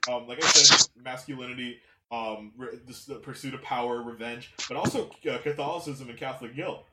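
A man's voice: mid-range voice, fairly quick, background noise. Emphatic man in an echoey room. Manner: emphatic and animated, swears freely. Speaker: podcast co-host. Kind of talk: casual film discussion.

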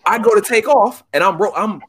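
A man's voice: sits high, a little fast. A man telling a casual paintball story in a profane, emphatic way. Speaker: paintball team leader.

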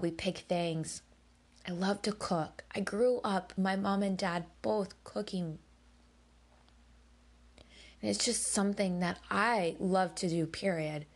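A woman hosts a podcast and tells a personal story at a slow, deliberate pace. She is emphatic and candid and does not shy away from swearing. Her voice sits at an ordinary middle pitch. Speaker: podcast host.

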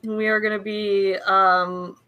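A young woman co-hosting a casual podcast, chatty and quick to laugh, with lots of fillers. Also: medium pitch, level tone, dull audio. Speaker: co-host.

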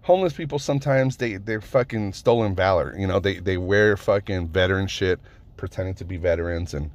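A lower-voiced man spinning a casual story as a rant, cursing freely. He rambles, trips over his sentence starts and leans on "um" and "like" as he goes. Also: a little fast. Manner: rambling, profane, many fillers and restarts.

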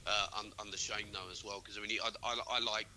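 A man's voice: lowish voice, flat delivery, quick pace, pushed and bright, poor audio. A man co-hosting a podcast, chatting about boxing with many hesitant restarts. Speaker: podcast co-host. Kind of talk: casual boxing chat.

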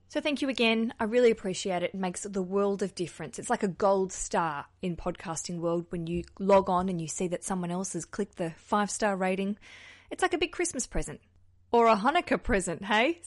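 A young woman with an Australian accent, hosting a podcast in a bubbly, joking tone. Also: medium pitch. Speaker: podcast host. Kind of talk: casual podcast chat.

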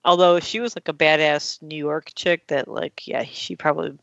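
A woman's voice: low-pitched, moderate pace, vocal fry, no room sound. A woman in casual chat, retelling a story and acting out the quotes. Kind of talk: casual chat, recapping a TV episode. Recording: dull, slightly lo-fi dry recording.

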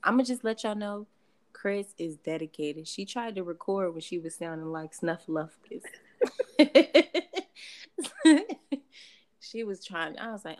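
A woman's voice: medium pitch, animated, takes it slowly, long pauses. A woman co-hosting a podcast, chatting casually, laughing often and swearing freely. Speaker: podcast co-host. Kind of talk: casual chat.

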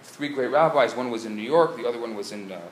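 A man, a rabbi, telling a story in a live lecture, swinging from hushed tones to loud bursts. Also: medium pitch, fast talker, slight background noise. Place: synagogue lecture hall, live audience. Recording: echoey live room with faint ambience.

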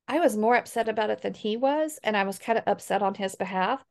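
A middle-aged woman talks as an interview guest, earnest and steady at an even middle pitch. She turns animated and lively whenever she quotes other people. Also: vocal fry. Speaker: guest, healing coach. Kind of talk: conversational interview.

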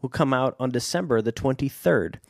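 A man's voice: mid-range voice, expressive, a little fast, creaky, dry recording. Wry man co-hosting a podcast, dry sound. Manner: rambling, wry, self-correcting. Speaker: podcast co-host. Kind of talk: casual chat.

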